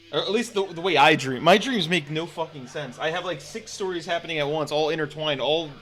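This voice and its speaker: A man's voice: fairly high pitch, fairly bright tone. A man streaming a text adventure game, chatting casually, laughing often and swearing as he thinks aloud. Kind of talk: casual let's-play commentary.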